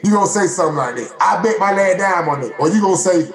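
Man, slightly high voice, animated sports rant, echoey room. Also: quick pace. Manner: animated, repetitive, mock-quoting others in a raised voice. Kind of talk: casual sports banter.

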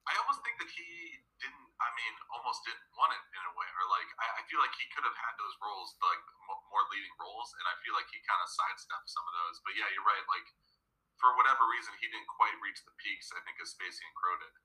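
A man co-hosting a podcast, talking about a film in a quick, chatty way with frequent fillers. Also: lowish voice, bright, forceful tone, poor audio. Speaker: podcast co-host. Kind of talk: casual film discussion.

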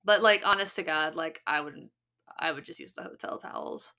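Bright-voiced woman chatting casually. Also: low-pitched, moderate pace. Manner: chatty, practical, full of fillers and restarts. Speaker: podcast co-host. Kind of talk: casual chat.

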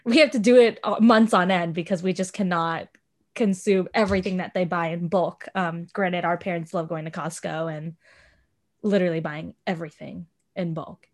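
Young woman co-hosting, laughs a lot, talks fast and rambly. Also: on the low side, fairly even intonation. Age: young adult. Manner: laughs often, quick rambling. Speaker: podcast co-host. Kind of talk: casual chat.

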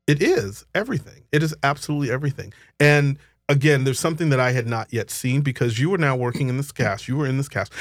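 A man's voice: mid-range voice, no room sound, studio quality. A man hosting an interview show, chatty and playful, acting out his own reactions as he talks with his guest. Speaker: host. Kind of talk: casual interview chat.

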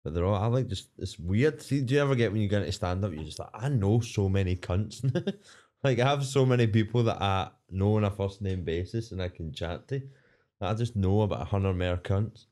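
A man's voice: lowish voice, a little fast, darkish tone. A young Scottish man, a comedian guest, chatting candidly and swearing freely on a podcast. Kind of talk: casual podcast chat.

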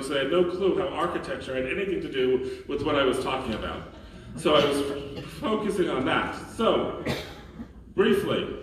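Priest preaching in an echoey church. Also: male voice, fairly high pitch, distant mic, a little hiss or hum. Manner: earnest, questioning, emphatic with dramatic pauses. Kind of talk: sermon. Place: large church.

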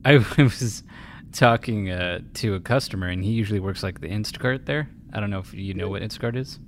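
A man's voice: on the low side, brisk, a little hiss or hum. A young man, a podcast co-host, telling work stories in casual chat and often laughing as he talks. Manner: laughs through his stories, animated retelling.

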